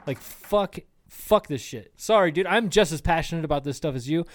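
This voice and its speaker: A man's voice: fairly high pitch, animated, normal speed, dry recording. A man co-hosting a casual podcast, ranting heatedly and swearing a lot. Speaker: podcast co-host. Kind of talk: casual chat.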